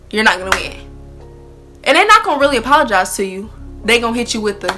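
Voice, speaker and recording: A young woman with a bright, forceful voice pitched a little high talks bluntly and expressively straight to her viewers in a casual vlog chat. Faint music plays softly behind her. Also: expressive, fast. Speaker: vlogger. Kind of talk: candid casual chat to camera.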